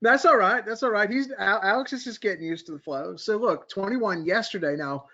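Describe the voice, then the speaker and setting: This man hosts a markets podcast, leading a casual group chat about stock charts where he thinks out loud and keeps asking his co-hosts what they think. His voice is high and sharp, a little fast, and the recording sounds lo-fi.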